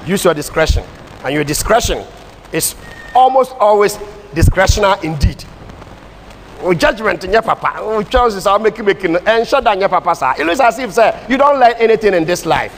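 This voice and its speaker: Ghanaian man, Bible class teacher, emphatic code-switching preacher, high register, church hall reverb and faint room hiss. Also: animated, moderate pace. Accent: Ghanaian English. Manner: switches between English and Twi, emphatic preaching cadence. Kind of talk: sermon-style Bible teaching. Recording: distant hall reverb with faint ambient noise.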